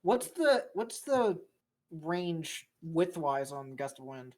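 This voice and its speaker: A game master running a tabletop game in casual chat, halting with fillers and casual swearing. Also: medium pitch, very animated, a little mellow.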